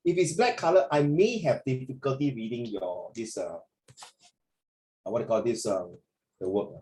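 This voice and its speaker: A man's voice: mid-range voice, lively intonation, normal speed, darkish tone, rough recording. A man teaching an online lesson over a video call, playful and teasing as he corrects a student and calls him "my dear".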